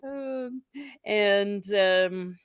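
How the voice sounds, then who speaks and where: A woman's voice: mid-range voice, very slow, smooth, dry recording. Chatty woman with a dry, close sound. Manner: chatty, rambling with fillers. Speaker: podcast co-host. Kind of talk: casual chat.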